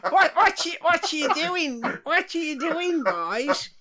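A man putting on a shrill squeaky goblin voice. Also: very animated, measured pace, over a noisy crowd, full character voice. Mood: excited. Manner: shrill, giggly and loud. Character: squeaky goblin greeting the party.

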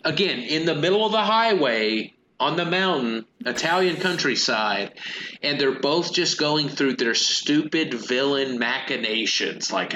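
A man's voice: fairly high pitch, lively intonation, a little slow, pushed and bright, echoey room, muffled recording, slight background noise. A man co-hosting a casual comedic movie discussion, rambling and acting out silly villain voices. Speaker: podcast co-host.

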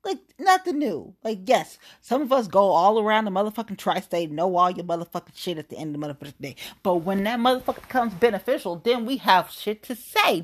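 A woman delivering a blunt, heated political rant, swearing constantly. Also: mid-range voice.

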